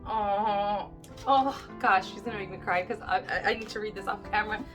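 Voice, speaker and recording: A woman's voice: medium pitch, flat delivery, racing, music in the background. A woman vlogging as she opens mail from viewers, gushing and exclaiming, teary-eyed and close to crying. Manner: gushing, exclaims and gasps often. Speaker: YouTube crafter opening friend mail. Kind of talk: casual vlog chat.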